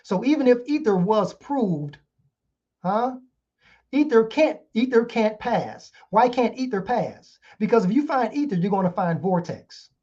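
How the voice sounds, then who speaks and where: A man's voice: high-pitched, sing-song, unhurried, warm tone. A man giving a heated casual lecture, reading out articles and asking rhetorical questions again and again. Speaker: online show host. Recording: dull lo-fi sound.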